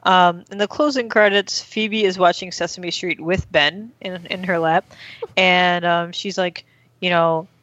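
A woman's voice: fairly low pitch, fairly even intonation, measured pace, a bit bright, dry recording, lo-fi sound. A woman hosting a casual chat, rambling through a recap with many fillers and acting out quoted lines. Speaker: podcast host recapping an episode.

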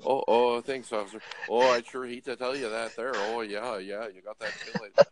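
A man's voice: mid-range voice, level tone, moderate pace, a little hiss or hum, natural voice. A man voicing an overly polite male Canadian police officer who fumbles apologetically, in a put-on Canadian accent. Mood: apologetic. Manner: apologetic and fumbling, full of gee and jeez.

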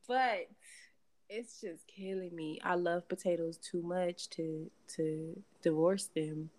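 A woman co-hosting a podcast. Her voice sits a little low, and she talks in a goofy, casual way, laughing a lot and cursing freely. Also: steady tone, slow pace, bright, forceful tone. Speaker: podcast co-host. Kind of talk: casual chat.

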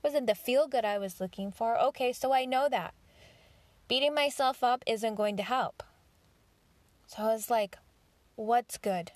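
A woman's voice: a little high, normal speed, long pauses, no echo. A woman hosting a podcast, telling a personal story in a candid monologue, swearing freely and acting out her own inner thoughts. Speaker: podcast host.

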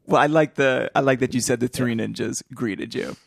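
A man's voice: medium pitch, fairly even intonation, creaky, no echo, clean studio sound. A man in casual chat, playful and jokey, reacting to a friend's story. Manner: playful, jokey, quick to laugh.

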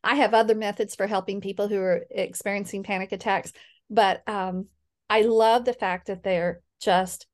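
A middle-aged woman talks as an interview guest, earnest and steady at an even middle pitch. She turns animated and lively whenever she quotes other people. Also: moderate pace. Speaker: guest, healing coach. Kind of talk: conversational interview.

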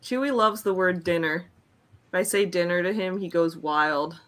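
A woman's voice: lowish voice, normal speed, fairly bright tone. A young woman co-hosting a podcast in casual chat, chatty and laughing often as she acts out her dog's reactions. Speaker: podcast co-host.

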